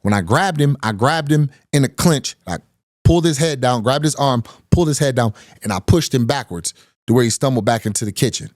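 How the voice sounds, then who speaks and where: A man in his thirties recounts a heated confrontation in a loose, animated way, acting out what others said and circling back over his own words. His voice sits at an ordinary pitch and sounds close and dry, with no room around it. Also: fairly quick, no echo. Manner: animated retelling, quotes others, repeats phrases. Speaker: podcast host telling a personal story. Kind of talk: casual storytelling.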